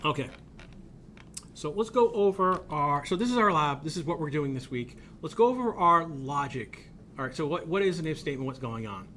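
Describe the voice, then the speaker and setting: A man's voice: on the high side, expressive, normal speed, sharp tone, slight background noise. A man teaching a college game development class, explaining in an informal way, thinking aloud and often repeating himself as he works through each point. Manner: blunt about tools he dislikes. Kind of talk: recorded classroom lecture.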